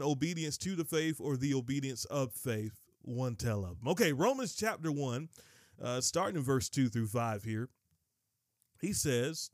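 A man from North Carolina with a rural Southern accent, hosting a casual Bible teaching podcast in a lively, folksy way, rushing through asides and slowing down for scripture. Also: mid-range voice, no echo, clean studio sound. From Kinston, North Carolina, USA. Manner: lively, folksy, swings between fast asides and slow emphatic reading.

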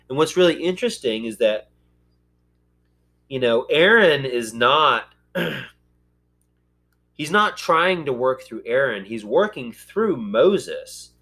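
A man's voice: medium pitch, sing-song, slow, pauses often, sharp tone. A man hosting a podcast, talking through scripture casually and thinking aloud with frequent ums and uhs. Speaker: podcast host. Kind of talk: casual Bible discussion.

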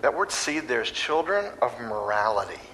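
A man preaching a sermon in a conversational, animated way, now and then acting out voices. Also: medium pitch, normal speed, slight background noise, poor audio.

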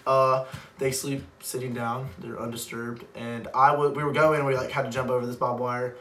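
A man's voice: medium pitch, level tone, normal speed, sharp tone. A young man co-hosting a casual chat, telling a long rambling story with many "like"s and frequent laughs. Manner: rambling, laughs often, heavy use of "like". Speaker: podcast co-host. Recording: roomy, distant mic, faint background noise.

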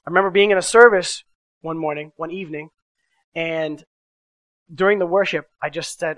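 Male pastor, middle-aged, sermon storytelling, dynamic loud-to-quiet delivery, dry close mic. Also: a little high, fairly quick, no echo. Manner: animated storytelling with swings from loud to soft.

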